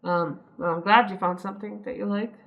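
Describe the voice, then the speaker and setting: A woman's voice: medium pitch, fairly even intonation, a little fast, gravelly, lo-fi sound. A young woman reading an online post aloud and reacting to it in a chatty, giggly way, often breaking off to comment. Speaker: story reader and commentator.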